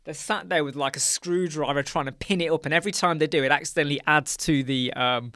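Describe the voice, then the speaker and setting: A man hosting a live question-and-answer stream in casual chat, rambling and jokey as he tells stories from a dark soundproofed room. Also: fairly high pitch, fast, dry recording, clean studio sound. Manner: rambling, jokey, animated storytelling. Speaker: host of a live web-design Q&A.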